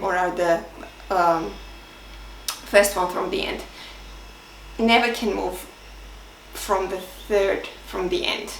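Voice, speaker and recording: Lady teaching grammar, kinda high voice, echoey room, mic a bit far off. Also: fairly bright tone, a little hiss or hum. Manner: explains slowly, mixing Greek and English with fillers. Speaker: Greek language teacher. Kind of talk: online language lesson.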